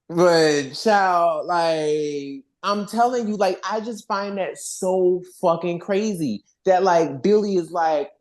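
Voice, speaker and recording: A podcast host in casual fan chat, animated and profane, acting out characters' lines while recapping. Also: medium pitch, takes it slowly, hardly any pauses.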